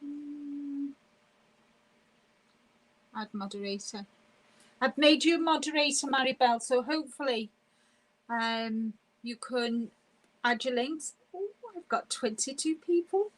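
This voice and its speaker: A woman hosting a casual live stream, chatty and quick to laugh as she reads viewer comments aloud. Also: sits high, poor audio.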